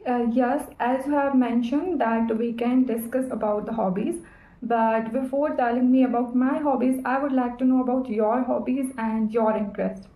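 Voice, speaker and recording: A woman's voice: on the high side, steady tone, moderate pace, narrow, tinny audio. Careful hesitant woman, echoey room. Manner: careful, hesitant, many fillers. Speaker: learner practicing English with an AI. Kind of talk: casual spoken practice.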